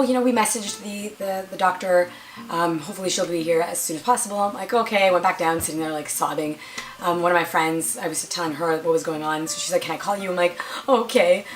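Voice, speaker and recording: A young woman vlogger chatting casually through a storytime, acting out quoted lines in a higher voice and playing up her own drama. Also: fairly bright tone, slight background noise.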